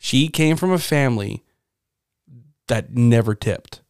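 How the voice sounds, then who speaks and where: Relaxed young man, dry close sound. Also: mid-range voice, slow pace, clear, resonant tone, dry recording. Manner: relaxed, rambling, with lots of fillers and swearing. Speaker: podcast co-host. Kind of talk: casual chat.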